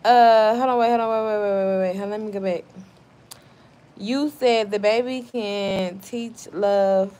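A woman's voice: mid-range voice, steady tone, a little slow, dark tone. A woman in her thirties hosting a live stream, reading out viewer comments in a blunt, heated, profane way.

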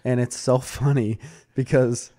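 Mellow-voiced man chatting on a podcast. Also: medium pitch, a little slow. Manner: animated storyteller, retells anecdotes with quoted voices; laughs often. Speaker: podcast co-host. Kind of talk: casual movie review chat.

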